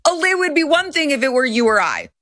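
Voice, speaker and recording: A woman's voice: sits high, sing-song, quick pace, fairly bright tone, no room sound, studio quality. A woman hosting a talk show in casual commentary, exasperated and laughing often. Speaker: show host.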